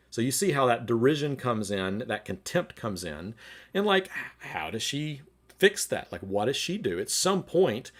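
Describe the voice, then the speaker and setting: A man teaching a relationships class at church in a relaxed, conversational way, reading viewer comments and acting out short argument examples. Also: mid-range voice. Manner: conversational, acts out quoted arguments. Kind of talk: livestreamed teaching talk.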